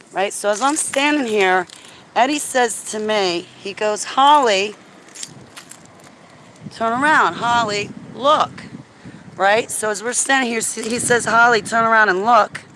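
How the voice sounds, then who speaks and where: A woman tells a rambling story to the camera out on a city street, excitable and chatty, checking in with her viewers as she goes. Her voice sits at an ordinary middle pitch. Faint traffic hums behind her. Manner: excitable, chatty, asks "right?" often. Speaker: vlogger.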